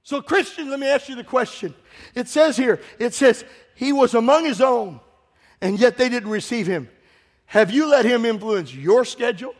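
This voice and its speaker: In church, a pastor with a very high, expressive voice preaches at a normal speed. His passion builds into shouting as he questions the congregation directly.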